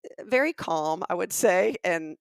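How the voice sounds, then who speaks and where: With a lowish voice, measured pace, and vocal fry, the middle-aged Southern co-host, accent plainly Southern US, recounts a comedic tale on her podcast. She animatedly performs the lines of the people in it. Studio-quality sound, no echo.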